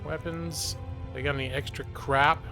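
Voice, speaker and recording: A man's voice: on the high side, steady tone, moderate pace, vocal fry, sharp tone, faint music behind. A man streaming a video game live, chatting casually in a jokey, self-mocking way and laughing often. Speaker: gaming streamer and lawyer.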